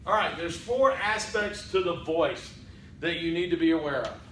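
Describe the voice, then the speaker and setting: Man, public speaking instructor, recorded lecture, bright voice, says okay a lot, roomy echo. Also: a little high, lively intonation, slight background noise. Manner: conversational, says "okay" often; acts out halting speech with fillers.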